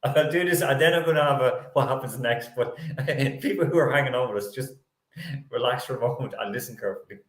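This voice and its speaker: A man hosts a casual sports panel, lively and opinionated with ready laughs. His voice sits mid-range and rings in an echoey room. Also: mid-range voice, a little fast, a little hiss or hum. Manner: animated and opinionated, laughs often. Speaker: sports talk show host.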